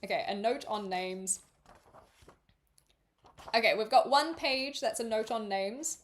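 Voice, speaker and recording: A woman's voice: a little high, a little slow. A woman streamer reading a book aloud on a livestream, giggly and stumbling over names.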